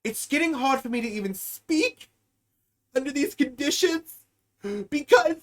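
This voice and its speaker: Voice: high-pitched, expressive, measured pace, long pauses. Profane, sarcastic live-stream podcast host. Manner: profane, sarcastic, swings between loud outbursts and mutters. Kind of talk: ranting satirical commentary on a live stream.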